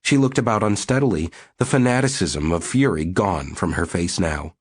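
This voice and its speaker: A man reading a novel aloud as audiobook narrator in a steady, measured way. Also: low voice, husky. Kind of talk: scripted narration.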